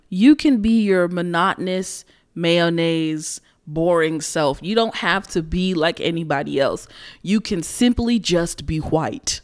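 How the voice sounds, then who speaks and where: Young woman, blunt commentary, swears a lot, lowish voice at times, emphatic delivery. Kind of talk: casual social commentary rant.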